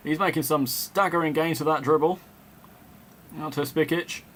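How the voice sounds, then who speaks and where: A man's voice: a little high, normal speed, fairly bright tone, a little hiss or hum. A man doing playful mock football commentary over a video game, joking, laughing often and chatting with viewers. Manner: jokey, laughs often, breaks off to chat with viewers.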